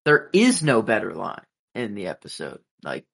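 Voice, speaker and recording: A man co-hosting a casual podcast, agreeing and thinking out loud, often trailing off mid-sentence. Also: lowish voice, wildly swooping pitch, normal speed, vocal fry, breathy edge. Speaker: podcast co-host. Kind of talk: casual chat.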